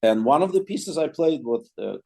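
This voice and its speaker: Here the same clarinetist sounds fairly high-pitched, with lively intonation and a gravelly yet mellow texture, at a moderate pace. His interview story is full of restarts and quoted lines.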